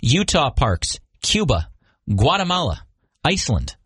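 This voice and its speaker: A man co-hosts a talk show with a chatty, joking storytelling manner. His voice sits a bit high and swings widely in pitch. The sound is close and dry. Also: wildly swooping pitch, a little slow, a bit bright, breathy edge, dry recording. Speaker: radio show co-host. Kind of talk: casual banter.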